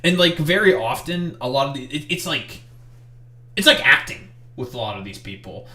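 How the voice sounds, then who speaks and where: A man's voice: medium pitch, big pitch swings, moderate pace, bright, forceful tone, reverberant. A man streaming commentary, talking in a rambling, sarcastic way with lots of fillers. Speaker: streamer reacting to clips. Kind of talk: casual commentary.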